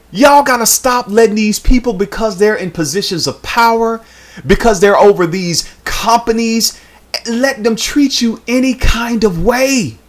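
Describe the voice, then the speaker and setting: Woman preaching hard in commentary. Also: fairly high pitch. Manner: emphatic, preaching cadence with repeated phrases; casual, colloquial address to viewers. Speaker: YouTube commentator.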